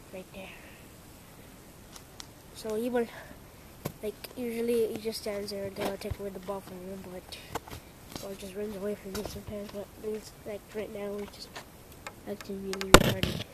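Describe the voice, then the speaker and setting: Speaking to the camera in a casual home video, a young woman shouts and swears at her dog, sounding playfully exasperated. Her mid-range voice barely moves in pitch, and she's unhurried, pausing often. Background noise is present. She's a vlogger.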